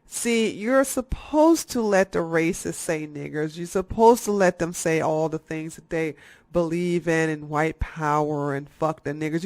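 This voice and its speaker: A YouTube commentator with a mid-range voice delivers satirical, ranting commentary, sarcastic and profane, in rapid bursts of talk. There's no room sound.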